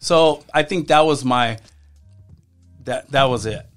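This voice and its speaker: A man as a podcast guest, telling stories from his past in a casual, halting way, often restarting his sentences. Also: mid-range voice, faint music behind. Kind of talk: casual storytelling.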